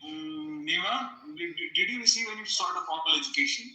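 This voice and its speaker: A man's voice: on the high side, fairly quick, bright, forceful tone, echoey room, rough recording. Man asking pointed questions. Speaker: debate participant.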